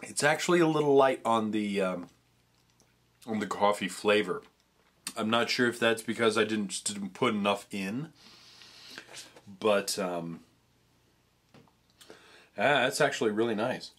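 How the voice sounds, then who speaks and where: A young man with a somewhat low voice talks his way through a food review vlog. He rambles casually, restarting sentences and stumbling over words as he goes. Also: measured pace, pauses often, a bit bright. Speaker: vlogger tasting treats.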